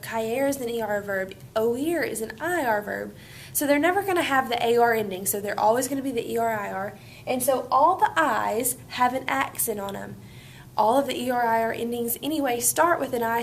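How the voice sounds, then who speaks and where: A woman's voice: fairly high pitch, slight background noise. A woman teaching a Spanish grammar lesson, walking students through each step in an upbeat way.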